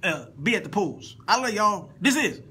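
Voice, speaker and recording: A man's voice: high-pitched, big pitch swings, moderate pace, sharp tone, slight background noise, poor audio. Chatty man teaching a Bible lesson. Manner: conversational, repeats and restarts words; playful asides to online listeners. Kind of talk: informal Sunday school teaching.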